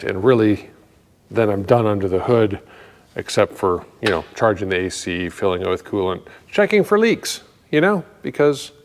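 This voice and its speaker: Man, casual workshop walkthrough, dry self-mocking humor, low voice, reverberant garage. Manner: rambling, thinks aloud with fillers. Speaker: mechanic working on a customer's truck.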